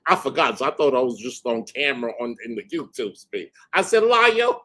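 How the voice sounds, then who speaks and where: A man hosting a livestream, telling a story in a casual, animated and profane way and mimicking other people's voices. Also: medium pitch, a little fast. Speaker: livestream host.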